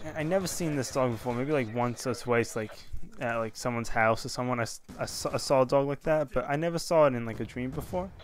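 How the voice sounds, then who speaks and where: Over gameplay, a young male commentator tells a long story in a medium-pitched voice at a quick pace. He's animated and rambling, constantly dropping "I'm like" asides.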